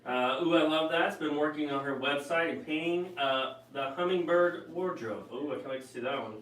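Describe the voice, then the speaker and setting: A man's voice: fairly high pitch, moderate pace, a bit bright. A man co-hosting a live painting show, cheerfully reading out viewers' comments. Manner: reads comments aloud, chipper and enthusiastic. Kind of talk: live stream chat. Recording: echoey room, mic a bit far.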